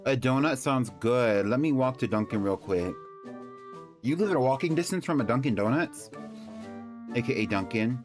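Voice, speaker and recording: A man's voice: medium pitch, animated, normal speed. A man chatting casually with his viewers on a live stream, rambling and playful while he builds. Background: background music.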